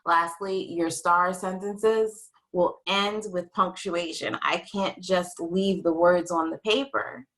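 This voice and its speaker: A young adult woman teaching a writing lesson to young children in a slow, expressive, sing-song teacher voice. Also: fairly low pitch, rough recording.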